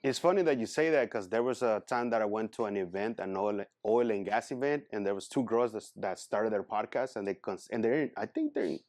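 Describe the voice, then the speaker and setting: A man's voice: fairly low pitch, a little fast, hardly any pauses, darkish tone. A man in his thirties giving a casual motivational talk as a guest speaker, earnest and rambling, often calling people "man".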